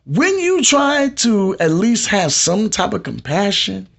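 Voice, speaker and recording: A man with a fairly high voice, hosting a live podcast. He lectures his audience in a conversational, preachy tone and talks straight to them. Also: wildly swooping pitch, takes it slowly, gravelly, a bit bright. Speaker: podcast host.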